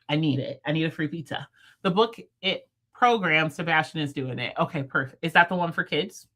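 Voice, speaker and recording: A woman in her thirties hosting a livestream, chatting casually with viewers, fast-talking and playful. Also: low voice, sharp tone. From United States. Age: 30s. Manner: talks fast, chatty and playful, laughs often. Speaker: livestream host. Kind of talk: casual live chat with viewers. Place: at home, in bed.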